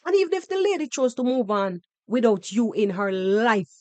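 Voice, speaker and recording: A woman's voice: fairly high pitch, very animated, moderate pace, a little mellow. A Jamaican woman hosting a podcast, giving sarcastic, scolding reaction commentary on a video and slipping into patois. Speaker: podcast host.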